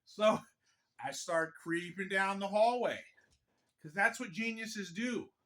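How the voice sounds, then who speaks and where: Animated rambling man telling a story. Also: high voice, takes it slowly. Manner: rambling, animated, keeps asking "right?". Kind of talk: casual personal storytelling.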